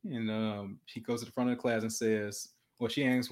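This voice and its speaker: A young man speaks in a slightly low voice, telling a story at an easy conversational pace. He is earnest and often repeats and restarts words, with the catch of a stammer. It sounds like a relaxed podcast chat. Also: moderate pace. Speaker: podcast guest. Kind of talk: casual storytelling.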